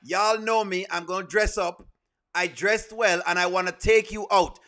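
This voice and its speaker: High, bright Jamaican man bantering. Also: fairly even intonation, moderate pace. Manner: playful, pleading, laughs often, argues with the chat. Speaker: streamer and show host. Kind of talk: live reaction stream, chatting with viewers.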